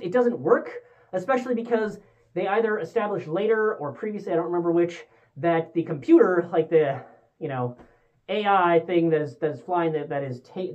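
A woman's voice: fairly low pitch, mellow, dull audio. A young woman giving a casual movie review, rambling and candid with many fillers and restarts. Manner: rambling and candid, with frequent fillers and self-corrections.

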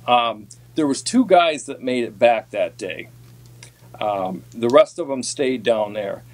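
Man, folksy storyteller, rambling, casual podcast chat, mid-pitched voice. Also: lively intonation, slow pace. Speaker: podcast guest, former walleye tour pro.

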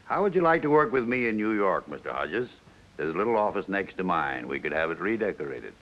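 A courteous company president. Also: male voice, low voice, sing-song, brisk. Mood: persuasive. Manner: polite, formal. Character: courteous company president, dignified older man. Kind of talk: 1950s film acting. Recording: dull old film soundtrack.

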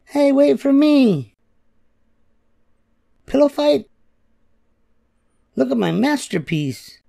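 An older man voicing a playful, pesky little sister in a storybook reading, with a high squeaky childlike voice. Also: very animated, very slow, gravelly, warm tone, dry recording, studio quality, exaggerated voice.

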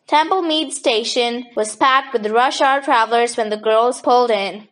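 Woman, audiobook narrator, steady reading, somewhat high pitch. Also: normal speed, few pauses. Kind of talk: scripted storybook narration.

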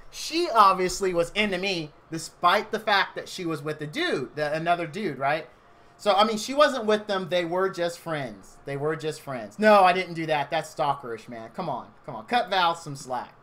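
A man's voice: high voice, sharp tone. A man in his thirties telling a rambling personal story on a live game stream, chatty and full of "like".

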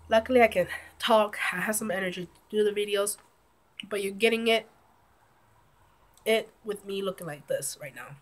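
A woman's voice: medium pitch, normal speed, long pauses. A woman with a cold, nasal and a little short of breath, chatting casually to her channel's viewers. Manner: chatty, rambling, self-correcting. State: sick and nasal. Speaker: YouTube vlogger. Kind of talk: casual vlog intro to camera.

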